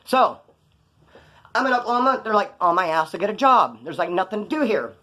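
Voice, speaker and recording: A man's voice: high voice, sing-song, fairly quick, bright, forceful tone. A man in a casual vlog, telling stories from prison in a rambling, profane, slangy way. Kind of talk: casual storytelling to camera.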